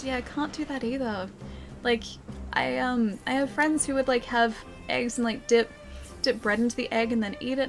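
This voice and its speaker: A woman's voice: a little high, steady tone, normal speed, music in the background. Chatty, laughing female streamer. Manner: chatty, self-deprecating, laughs often, reads chat aloud. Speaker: streamer reading chat. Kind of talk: casual gameplay stream chat.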